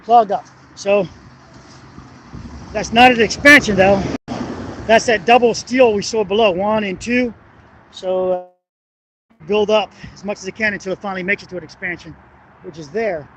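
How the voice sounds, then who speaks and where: A man's voice: sits high, fairly even intonation, moderate pace, pauses often. A man walking a bridge at night with a handheld camera, explaining its engineering in a rambling, hesitant way and swearing when annoyed. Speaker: construction engineering vlogger. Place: outdoors on a city bridge at night. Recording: noisy outdoor wind and traffic.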